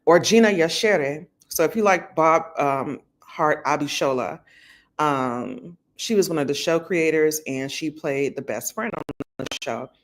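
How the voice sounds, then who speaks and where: A woman's voice: low-pitched, measured pace. A woman talking casually to her viewers from home, chatty, with loose slang and lots of fillers. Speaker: vlogger. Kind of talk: casual talk to camera. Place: at home indoors.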